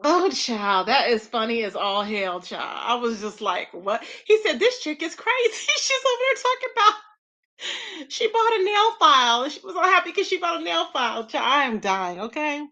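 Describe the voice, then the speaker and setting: This woman hosts a live stream, reading viewers' chat aloud and offering animated, expressive gossip commentary. She laughs often, speaks straight to her audience, and has a high-pitched voice at a moderate pace.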